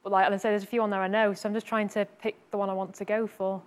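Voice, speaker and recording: A woman's voice: mid-range voice, flat delivery, rapid-fire. A woman, a quiz show contestant, talking through her choice in a hesitant, chatty way with little laughs. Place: television studio.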